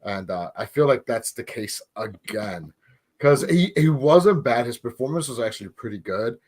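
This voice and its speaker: A man co-hosting a movie podcast in casual chat, relaxed and rambling with many fillers. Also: mid-range voice, normal speed, husky. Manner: relaxed, rambling, lots of likes and ums. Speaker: podcast co-host.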